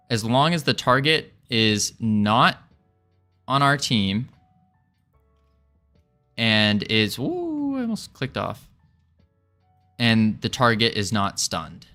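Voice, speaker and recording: A man's voice: lowish voice, bright, forceful tone. A man live-streaming his game development, chatting casually and playfully with viewers as he codes. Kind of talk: casual live-stream chat while coding.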